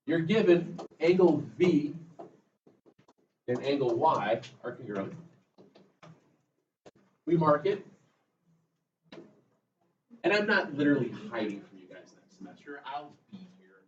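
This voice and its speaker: A man's voice: a little high, big pitch swings, takes it slowly, long pauses. A male math teacher giving a classroom lecture, chatty and drifting into jokey asides. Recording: echoey classroom, mic far off, muffled, faint room noise.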